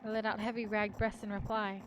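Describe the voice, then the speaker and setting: A woman's voice: medium pitch, level tone, brisk, slight background noise, poor audio. A woman streamer reading a horror story aloud in the first person, with joking asides.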